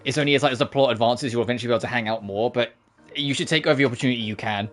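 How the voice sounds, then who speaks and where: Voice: medium pitch, racing, faint music behind. A streamer giving casual, rambling commentary on a game playthrough, with lots of fillers and self-deprecating asides.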